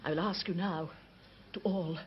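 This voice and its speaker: An actress playing a theatrical spiritualist medium at a séance, speaking in a solemn, drawn-out way, from an old TV clip. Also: female voice, on the low side, steady tone, breathy edge. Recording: dull old TV clip with crowd and noise.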